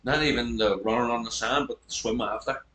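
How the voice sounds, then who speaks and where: Fast-talking man in his thirties. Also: medium pitch. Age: 30s. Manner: swears a lot, rambling and animated. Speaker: podcast guest. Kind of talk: casual chat. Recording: echoey room with faint background noise.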